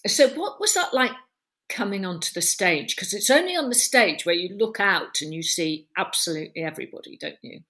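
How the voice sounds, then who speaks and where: A woman hosting a podcast interview, talking in an animated, emphatic way and piling up descriptions. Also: mid-range voice, fairly quick. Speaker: podcast host. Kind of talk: conversational interview.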